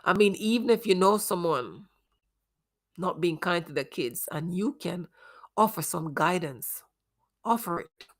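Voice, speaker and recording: A woman hosts a commentary on a case, speaking straight to parents in an earnest, moralizing way. Her voice sits low, and she talks at a slow, deliberate pace. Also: expressive. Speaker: host.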